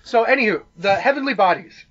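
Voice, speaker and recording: High, bright man explaining backstory. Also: expressive, fairly quick, highs cut off. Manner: explains backstory with fillers and restarts, swears casually. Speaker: podcast co-host. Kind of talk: casual chat watching wrestling.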